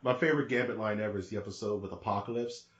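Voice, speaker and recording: A fairly low-voiced man rambles excitedly in slangy casual chat as a podcast co-host. His voice bounces around an echoey room. The recording sounds dull and lo-fi. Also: racing.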